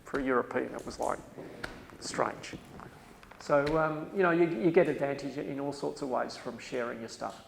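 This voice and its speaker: Australian man lecturing with gravelly voice. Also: medium pitch, normal speed, big-room sound, slight background noise, rough recording. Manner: emphatic, repeats key advice. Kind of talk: workshop lecture.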